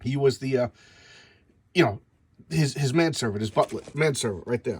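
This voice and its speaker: A man's voice: mid-range voice, normal speed, pauses often, breathy edge, no echo. A man casually recapping a comic book story, rambling and stumbling over names.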